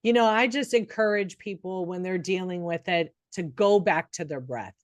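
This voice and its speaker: In a clean studio recording with no room sound, a middle-aged woman with a lowish voice talks at a moderate pace. She's a nurse who co-hosts a podcast, chatting casually in an earnest, encouraging way and restarting frequently.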